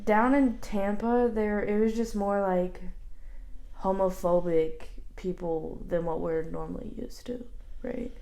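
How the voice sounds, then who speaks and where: A woman's voice: medium pitch, fairly even intonation, unhurried, dark tone. A young woman chatting casually as a video co-host, blunt and matter-of-fact. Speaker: YouTube co-host. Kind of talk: casual chat.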